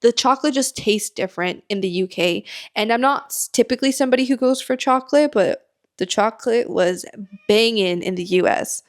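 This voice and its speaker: A young American woman hosting her own podcast, chatting candidly about her travels and dropping in quick asides. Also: a little high. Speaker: podcast host. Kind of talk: casual solo storytelling.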